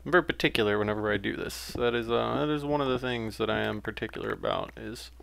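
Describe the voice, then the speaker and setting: A man's voice: medium pitch, quick pace, gravelly, a bit bright, a little hiss or hum. A young man giving casual, rambling commentary while playing a game, with frequent fillers and self-corrections. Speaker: let's play gamer.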